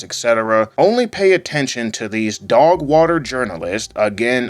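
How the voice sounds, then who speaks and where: A man reading a scripted gaming video essay into a home microphone, in a calm, fairly monotone way with occasional rises. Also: mid-range voice. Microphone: home microphone voice-over. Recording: faint background music under voice-over.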